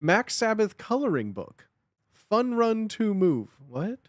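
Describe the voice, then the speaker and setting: A man streaming casual reaction commentary, excitable and slangy, often repeating himself. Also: sits high, slow pace, dry recording, studio quality.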